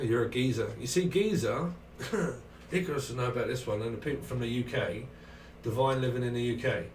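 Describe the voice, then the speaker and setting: On his live tarot stream, a middle-aged Englishman with a Cambridgeshire accent chats with viewers in a casual, rambling way. His medium-pitched voice moves fairly quickly, and the recording is roomy, with a distant mic and faint noise.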